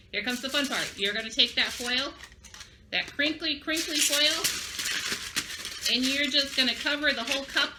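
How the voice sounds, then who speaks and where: A woman's voice: fairly high pitch, sharp tone, a little hiss or hum. A woman leading a children's lesson in an upbeat, sing-song way, asking young listeners to repeat words after her. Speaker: children's library presenter. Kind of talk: children's craft and vocabulary lesson.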